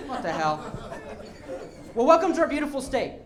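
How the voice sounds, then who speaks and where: A man's voice: very high-pitched, sing-song, moderate pace. A stand-up comedian from Denver doing a live club set, a man with a giggly, nervous, self-mocking delivery. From Denver, Colorado, USA. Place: comedy club stage before a live audience. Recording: echoey club with loud crowd laughter.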